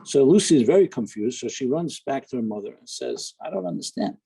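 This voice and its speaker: Rabbi, male, relaxed informal talk, husky timbre, chatty storyteller. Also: mid-range voice, fairly quick, rough recording. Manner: chatty, digressive storyteller with humor.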